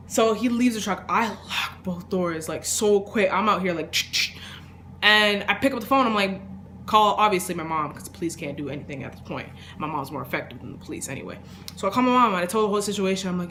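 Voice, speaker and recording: A young woman telling a personal story in a casual vlog, rambling with lots of fillers and trailing off into quiet asides. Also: mid-range voice, expressive, fast talker, slight background noise. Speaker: vlogger.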